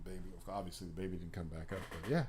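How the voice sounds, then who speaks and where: A man's voice: low voice, racing, a little mellow. A man hosting a podcast, telling long rambling stories in casual, profane chat. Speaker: podcast host.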